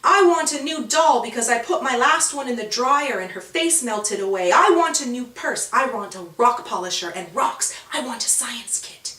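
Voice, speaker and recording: A woman voicing faraway children in a storybook, softly listing wishes. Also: fairly high pitch, lively intonation, normal speed, hardly any pauses, roomy sound, recorded from a distance. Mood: wishful. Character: faraway children's wishing voices.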